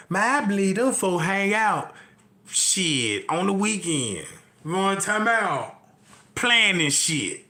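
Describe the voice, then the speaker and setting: A man ranting comically to his live chat, telling a rambling, profane story full of repeated asides and swinging between loud outbursts and low mutters. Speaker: livestream host. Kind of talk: comedic rant to a live chat. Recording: roomy echo.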